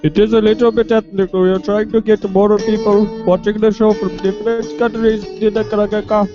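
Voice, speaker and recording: A man putting on an Indian accent to play a show host, announcing slowly on a dull video-call line. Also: sits high, level tone, voice pushed up, natural voice. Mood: mock formal. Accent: put-on Indian. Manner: slow, drawn-out announcing. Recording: dull lo-fi online call audio with guitar music.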